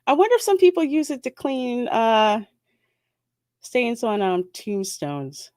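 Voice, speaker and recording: A woman's voice: fairly high pitch, expressive, a little slow, a little mellow, no echo, clean studio sound. A woman hosting a casual livestream, chatting and reading out viewer comments. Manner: chatty, reads out viewer comments, bursts of laughter. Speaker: livestream host.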